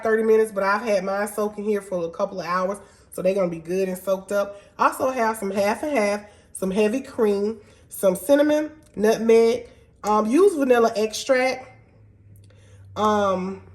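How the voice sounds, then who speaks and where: A woman hosting a casual cooking tutorial in her home kitchen, stuffed up from a cold and chatting in a down-home, informal way. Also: mid-range voice. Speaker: cooking show host.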